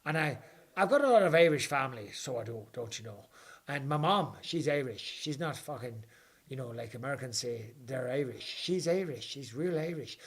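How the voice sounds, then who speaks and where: A man hosting a live fight watch party from home, chatting with viewers and reacting excitedly, with casual swearing. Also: medium pitch, moderate pace. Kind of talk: live watch-along commentary and chat.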